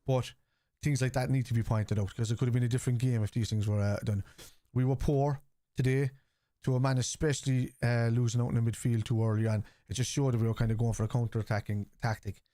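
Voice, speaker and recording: A man's voice: mid-range voice, level tone, quick pace, hardly any pauses, mellow, no room sound, studio quality. A man hosting a live fan watchalong, reading out and answering viewer chat in a blunt, casual way, swearing freely. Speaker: fan channel host.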